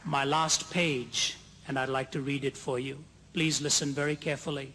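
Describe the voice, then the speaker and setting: A man preaching a sermon to a large gathering, telling stories earnestly and slowing down to stress key lines. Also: mid-range voice, fairly even intonation, sharp tone. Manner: earnest storytelling, slows for emphasis, builds to soaring climax. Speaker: evangelist preacher. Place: large conference hall. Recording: long hall reverb.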